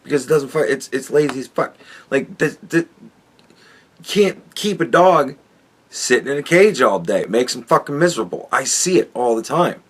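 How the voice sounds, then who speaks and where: A man's voice: mid-range voice, animated, normal speed, husky. A man hosting a podcast, ranting crudely and mockingly with heavy swearing as he reacts to a clip. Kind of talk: profane ranting commentary.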